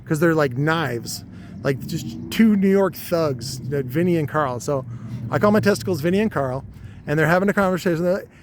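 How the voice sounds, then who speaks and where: A man's voice: fairly high pitch, animated, moderate pace, slight background noise. Crude, rambling man vlogging. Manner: crude, rambling, many fillers. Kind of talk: casual rambling monologue.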